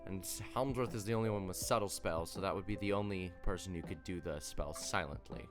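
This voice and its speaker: A man's voice: sits low, fairly quick, music in the background. A man running a tabletop game, answering rules questions with dry quips. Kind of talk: casual game table chat.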